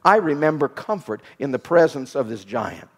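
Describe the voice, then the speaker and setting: A man's voice: a little high, very animated, moderate pace. A man preaching, voicing a young shepherd hero who makes earnest, recited declarations of trust in his own voice. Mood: steadfast. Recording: reverberant hall.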